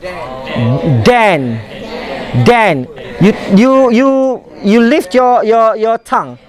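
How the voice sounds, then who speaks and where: A man's voice: sits high, lively intonation, very slow, soft background music. A man with a Malaysian accent teaching a pronunciation workshop, drilling sounds by repeating words and often chuckling. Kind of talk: live classroom teaching. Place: workshop room full of students. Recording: students chattering in background.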